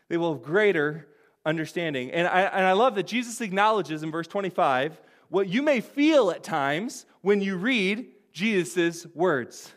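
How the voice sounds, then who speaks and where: High-voiced man preaching earnestly. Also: a bit bright. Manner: earnest, conversational preaching with rhetorical questions and frequent restarts. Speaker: pastor. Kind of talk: sermon.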